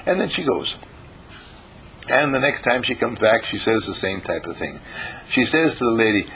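Gravelly man giving a slow spiritual talk. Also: medium pitch, big pitch swings, a bit bright, rough recording. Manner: slow, emphatic and repetitive. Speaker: spiritual teacher.

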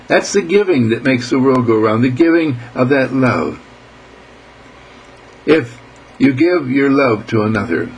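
A man's voice: medium pitch, slight background noise, rough recording. A man giving an emphatic spiritual talk, exclaiming and laughing as he speaks. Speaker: inspirational speaker.

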